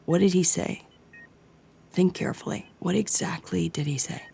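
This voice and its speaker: A woman's voice: on the low side, moderate pace, creaky, dark tone, husky, full character voice. A woman voicing a composed man giving urgent, clipped orders. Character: urgent, composed male agent.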